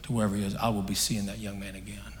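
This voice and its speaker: A man preaching a sermon on a stage, telling a story in an earnest, conversational way that swings between emphatic and hushed. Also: fairly low pitch, flat delivery, racing, slight background noise. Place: stage in a large hall. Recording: long hall reverb.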